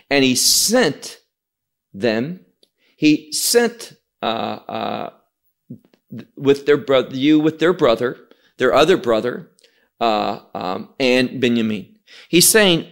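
A man teaching the Bible verse by verse, explaining Hebrew terms and asking and answering his own questions. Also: a little high.

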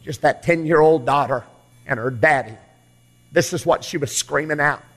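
A man preaching a revival sermon, fiery and dramatic, swinging from hushed storytelling to loud pleading questions. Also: on the high side, normal speed, big-room sound. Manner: fiery, shifts from quiet to shouting. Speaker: evangelist preacher.

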